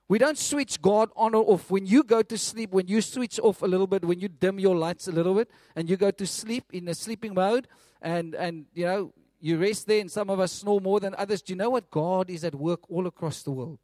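A man preaching a sermon, animated and storytelling, often repeating himself as he goes. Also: sits high, moderate pace, no echo, studio quality.

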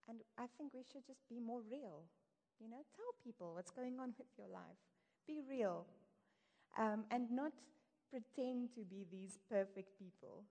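A woman's voice: medium pitch, darkish tone. A woman giving a sermon in a conversational way, with light laughs and quoted asides. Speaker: preacher. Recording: long hall reverb.

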